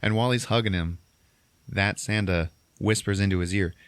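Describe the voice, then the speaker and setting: A man's voice: lowish voice, normal speed, clean tone, no echo. A man hosting a podcast, recapping a movie in a casual, profane, rambling way. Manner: profane, rambling storytelling with fillers. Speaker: podcast host.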